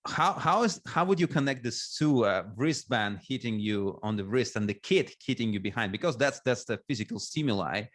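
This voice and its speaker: A man's voice: mid-range voice, expressive, brisk, hardly any pauses. A man hosting a podcast interview, thinking aloud with many restarts and fillers. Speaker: podcast host. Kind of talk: interview conversation.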